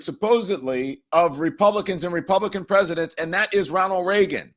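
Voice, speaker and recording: A man's voice: high-pitched, brisk, few pauses, fairly bright tone. A middle-aged man hosting his own show, chatting in a rambling, effusive way before turning to emphatic news commentary. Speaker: show host.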